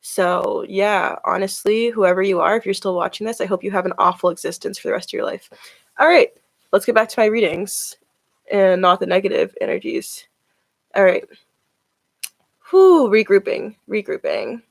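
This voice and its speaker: A woman's voice: medium pitch, fairly even intonation, moderate pace, vocal fry, no room sound. A woman chatting casually on a live stream as she reads tarot cards, filling her talk with "like". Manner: chatty, with many "like" fillers.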